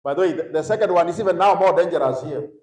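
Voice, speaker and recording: A man's voice: fairly high pitch, very fast, darkish tone, roomy sound, poor audio. A man with a Kenyan accent teaching young people at a conference, often prompting the audience to finish his sentences and slipping in Swahili phrases. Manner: mixes English with Swahili phrases. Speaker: youth conference speaker. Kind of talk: teaching a session to a youth audience. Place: large echoey conference hall.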